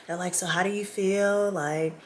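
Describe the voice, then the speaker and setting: A woman's voice: mid-range voice, fairly even intonation, moderate pace, a little hiss or hum. A woman vlogger talking casually to camera in a small indoor guest room. She is emotional and close to tears, and chats directly with her viewers. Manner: chatty, addresses viewers directly.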